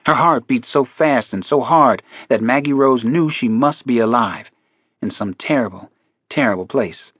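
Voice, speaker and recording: Casting: male thriller audiobook reader, mid-pitched, measured, dry booth sound. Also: fairly bright tone, dry recording, lo-fi sound. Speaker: audiobook narrator. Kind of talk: scripted audiobook narration.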